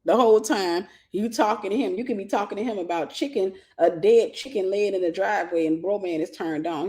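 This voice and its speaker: Woman, host, casual advice chat, lively storytelling, voices the people she quotes. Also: medium pitch, brisk, few pauses. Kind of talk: casual spoken advice to viewers.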